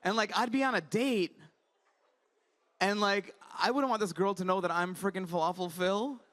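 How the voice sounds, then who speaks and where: Stand-up guy in his 30s, high bright voice, chatty, says like a lot. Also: normal speed. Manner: chatty, wry, lots of "like". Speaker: stand-up comedian. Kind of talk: stand-up comedy set. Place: conference stage.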